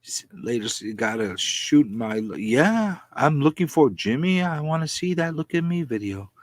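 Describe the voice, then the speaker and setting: A man hosting a comic book vlog, ranting in an animated, repetitive, comically exasperated way. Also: medium pitch, normal speed, dry recording, clean studio sound.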